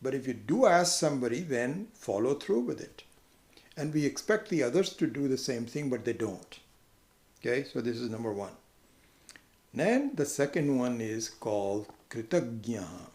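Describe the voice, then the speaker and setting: A man giving a conversational lecture on scripture, who now and then jumps into a much higher voice when acting out what other people say. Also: big pitch swings, normal speed, darkish tone, reverberant. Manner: conversational, acts out quoted people with sudden high pitch. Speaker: spiritual teacher.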